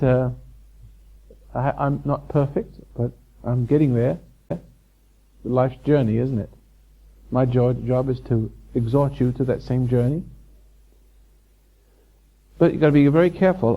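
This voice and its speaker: A man's voice: mid-range voice, steady tone, measured pace, creaky, long pauses. A man giving a live spiritual lecture to a seminar audience, rambling and repeating himself, chuckling and teasing the listeners. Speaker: seminar speaker. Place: hotel function room before a live audience. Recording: dull lo-fi 1990s seminar tape.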